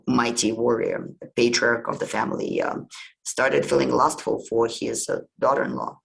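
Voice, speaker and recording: Gravelly man retelling myths casually. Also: mid-range voice, steady tone, moderate pace, rough recording. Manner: conversational, meandering retelling. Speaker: podcast host. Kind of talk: casual storytelling.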